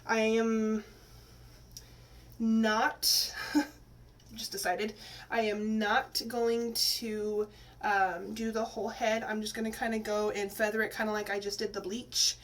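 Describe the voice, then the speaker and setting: A woman's voice: mid-range voice, little pitch movement, slow pace. A woman from Texas, a teacher, casually talking through a hair-dye tutorial in a rambling way with lots of fillers. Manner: chatty, rambling, many fillers and restarts. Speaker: teacher and vlogger. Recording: slightly distant mic, faint room noise.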